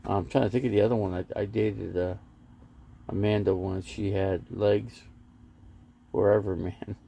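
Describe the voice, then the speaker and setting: Chatty gravelly-voiced man on a live stream. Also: fairly low pitch, fairly even intonation, moderate pace, warm tone, a little hiss or hum. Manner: rambling, chatty, jumps between topics and viewer comments. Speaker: livestream host. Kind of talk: casual live stream chat, reading comments aloud. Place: inside an RV parked in a lot.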